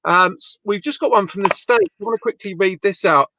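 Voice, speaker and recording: A man's voice: high voice, fairly quick, background noise. A man hosting a live-stream chat about bricklaying, reading viewer comments aloud and asking his guests questions. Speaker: host.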